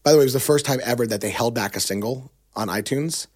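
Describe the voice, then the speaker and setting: A middle-aged man, a songwriter and agent, telling a story in casual conversation, animated and quoting others with lots of fillers. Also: mid-range voice, fast talker, slightly rough.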